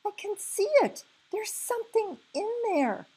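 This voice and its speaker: A woman voicing a curious, anxious young girl, in a higher, raspy voice. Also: expressive, measured pace, darkish tone, full character voice, low-quality recording.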